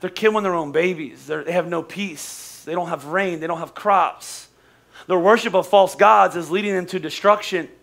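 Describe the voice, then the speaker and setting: A man's voice: high-pitched, moderate pace, gravelly, fairly bright tone. A man preaching a sermon as pastor, casual and conversational, with humor and acted-out quotes.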